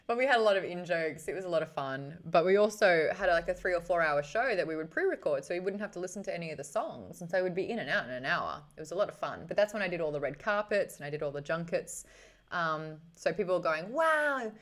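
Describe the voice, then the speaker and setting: A woman with an Australian accent, hosting a casual livestream, chatting cheekily and reading out viewer comments. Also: deep voice. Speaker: livestream host.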